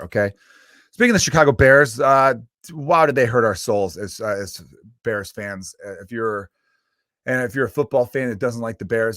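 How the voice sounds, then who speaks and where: A man's voice: medium pitch, a bit bright, dry recording, studio quality. A man hosting his own comedy podcast, ranting casually in a profane, exasperated, rambling way.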